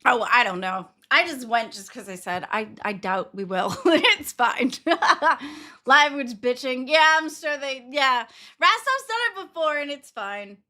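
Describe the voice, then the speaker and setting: A young woman hosting a casual livestream, blunt and quick to swear, laughing often. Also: high voice, expressive, bright, forceful tone. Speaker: stream host.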